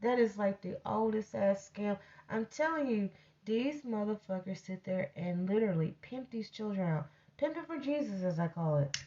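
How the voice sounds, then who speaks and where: A woman's voice: mid-range voice, expressive, normal speed, warm tone, highs cut off. A woman telling a personal story in a blunt, profane, ranting way, casually addressing her audience. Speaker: storyteller host.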